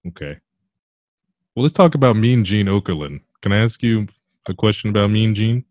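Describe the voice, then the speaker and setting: A man's voice: fairly low pitch, moderate pace, a little mellow, no echo, studio quality. A man hosting a comedy interview, asking earnest, probing questions with a straight face. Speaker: interviewer host.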